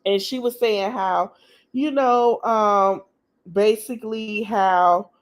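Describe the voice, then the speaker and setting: A woman's voice: mid-range voice, fairly even intonation, slow. A woman hosting a podcast, casually recapping a TV episode in a chatty, slangy, gossipy way and talking straight to her listeners. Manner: acts out the people she quotes. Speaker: podcast host.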